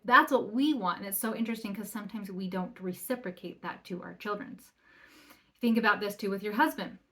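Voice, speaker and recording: A woman in her thirties talks straight to her listeners in a relaxed podcast monologue, with her pitch in the middle range for a woman. She keeps asking them rhetorical questions and briefly acts out the voices of parents and kids. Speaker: parenting coach and podcast host. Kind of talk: casual solo podcast talk.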